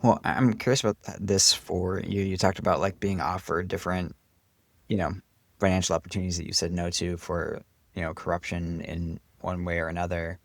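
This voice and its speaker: A man's voice: low voice, little pitch movement, brisk, no room sound. A man hosting an interview, asking hesitant, thoughtful questions full of fillers. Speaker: interview host.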